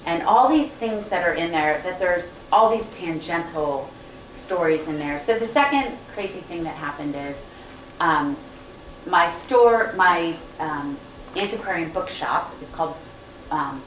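Brief: lower-voiced Southern woman, animated storyteller, miked from a distance in a roomy event space. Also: unhurried, slight background noise. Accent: Southern American. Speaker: guest author. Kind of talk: storytelling to a live audience. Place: event room with audience. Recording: roomy, distant mic with faint ambience.

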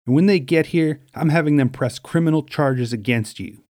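A man's voice: on the high side, normal speed, a little mellow, pitched above the performer's own voice, lightly acted. A man voicing a petty, jealous male store clerk, sarcastic and nasal. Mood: flustered.

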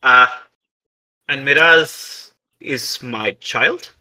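A weary, kindly older man who cares deeply about his family, voiced by a man running a tabletop game. He talks calmly and mildly, and his tone has a bright, sharp edge. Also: extremely slow, heavily acted, rough recording. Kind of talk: role-playing a character in a tabletop game.

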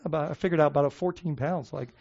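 A man preaching a sermon in a loose, conversational way, with lots of fillers and restarts, who slows down to stress his points. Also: on the high side, creaky, a little mellow. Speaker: pastor. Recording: dull lo-fi sound.

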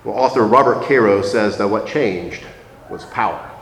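Homme prêchant un sermon mesuré dans une église qui résonne. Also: male voice, on the low side. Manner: measured, reflective, slows for emphasis. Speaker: preacher. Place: church sanctuary. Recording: echoey church hall.

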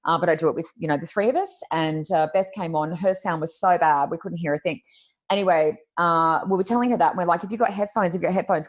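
A woman chatting as a podcast guest, telling a story in a lively, laughing way. She slips into quick impressions of the people she describes, and her voice jumps high for the funny bits. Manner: lively, laughing, mimics others' voices in quotes. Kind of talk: casual chat, animated storytelling.

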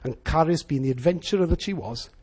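A man's voice: on the high side, fast, husky. A middle-aged Welsh man preaching a sermon, telling stories and acting out the voices of the people in them. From Wales. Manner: animated storyteller acting out voices. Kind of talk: sermon with storytelling.

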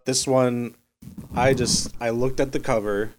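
A man on a game podcast, joking deadpan about absurd habits. His mic picks up clear noise and clicks behind the voice. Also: mid-range voice, measured pace. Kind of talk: casual comedic chat.

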